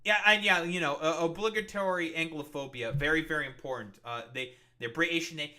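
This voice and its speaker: A man's voice: medium pitch, pushed and bright. A man streaming, reacting to a video in rambling, profane, sarcastic casual commentary. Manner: halting, with many fillers and restarts.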